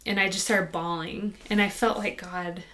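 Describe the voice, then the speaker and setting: A woman guest on a podcast, telling a personal faith story in a soft, halting, conversational way. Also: lowish voice, fairly even intonation. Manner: soft-spoken and halting, with many restarts.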